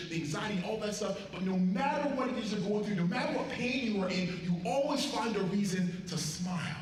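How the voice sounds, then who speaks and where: A man tells stories at a school assembly and acts out each voice in them. His voice sits a little high for a man. The recording is heavily echoey, picked up from far across a big hall. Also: slight background noise. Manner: animated storyteller, acting out quotes with big swings in loudness. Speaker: motivational speaker at a school assembly. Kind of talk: storytelling speech to students.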